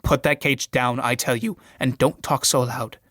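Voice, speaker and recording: A man's voice: medium pitch, fairly even intonation, moderate pace, fairly bright tone, no room sound, clean studio sound, close to an everyday voice. A man reading the part of a curt, scornful young male valet in a solo reading of a stage play, giving clipped orders. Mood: curt impatient. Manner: clipped, dismissive commands.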